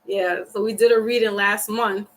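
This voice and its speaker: A woman hosting a livestream reading, talking casually to her viewers about grief and acting out past conversations in lively voices. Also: mid-range voice, normal speed. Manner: talks through grief, quoting herself and a friend in animated voices. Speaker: tarot reader on a livestream. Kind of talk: casual chat with live viewers.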